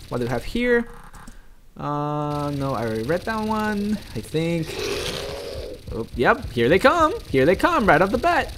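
Excitable man commentating a game. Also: on the high side, background noise. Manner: excitable, chatty, yelps and laughs at the game; talks directly to viewers. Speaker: let's play gamer. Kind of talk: gameplay commentary.

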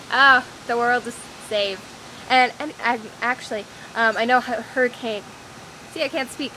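A woman's voice: fairly high pitch, moderate pace, pushed and bright, poor audio. A young woman chatting casually in a scattered, rambling daily vlog, filmed outdoors on a windy, rainy walk. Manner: rambling, scattered, self-deprecating. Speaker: vlogger. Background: wind and outdoor ambience.

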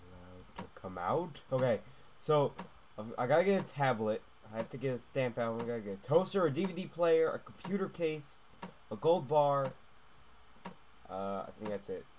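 A young man playing a stealth game and commenting as he goes, jumping between hushed muttering and loud yelps and tacking "mate" onto his lines. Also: mid-range voice, moderate pace, slight background noise. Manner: excitable, swings from hushed muttering to yelling, keeps adding "mate". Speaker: gaming YouTuber. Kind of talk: let's play commentary.

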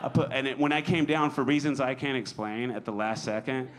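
Animated male stand-up comedian. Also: mid-range voice, brisk, a crowd in the background. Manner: animated storytelling, acting out quotes with sudden loud jumps. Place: comedy club stage. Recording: live club recording with audience noise. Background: audience laughter.

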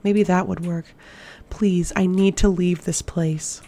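A woman's voice: lowish voice, fairly even intonation, takes it slowly. A woman voicing a timid, pleading young captive. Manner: soft, pleading, near-whisper.

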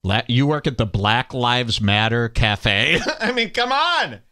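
A man's voice: mid-range voice, very animated, slow pace, sharp tone. A man hosting a podcast, ranting sarcastically and hurling insults while commenting on clips. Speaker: podcast host.

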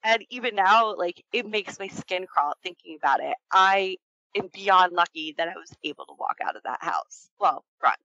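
Woman, thirties, true story, rambling, fillers, swearing, tense, bright voice, dry muffled recording. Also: on the low side, animated, moderate pace, dry recording. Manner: tense, keyed-up retelling. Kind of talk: casual spoken true story.

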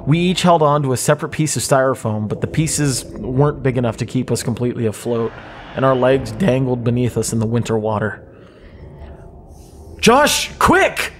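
A man reads a horror story at a middle pitch, measured and suspenseful. His delivery stays steady and drawn out, with a faint hiss behind it. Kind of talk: scripted creepypasta narration.

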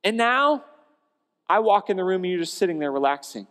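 Man acting overwhelmed woman, shrill complaining rant, high pitched, loud, long reverb. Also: rapid-fire, close to an everyday voice. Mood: exasperated. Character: overwhelmed exasperated woman host, adult. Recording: long church hall reverb.

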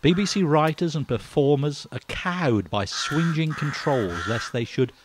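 A man's voice: on the high side, unhurried, background noise. An older man, giving a wry, grumbling opinion monologue as a vlogger. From Britain.

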